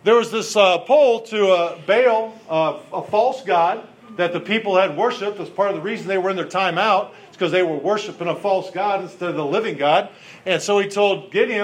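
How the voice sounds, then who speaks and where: A man's voice: high voice, moderate pace. A man preaching a sermon as pastor, retelling Bible verses in a conversational, jokey way.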